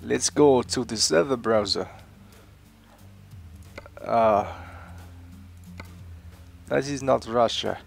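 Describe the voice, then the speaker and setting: Rambling young British gamer, gravelly voice. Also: male voice, mid-range voice, extremely slow, pauses often, soft background music. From Britain. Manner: rambling, chatty, self-mocking. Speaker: gaming YouTuber. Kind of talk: casual gameplay commentary.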